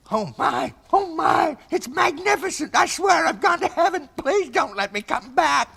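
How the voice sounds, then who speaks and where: Creaky lecherous old grandpa. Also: male voice, extremely high pitch, sharp tone, exaggerated voice. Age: older. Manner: moaning, chuckling, eager. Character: lecherous old man, delighted and boastful.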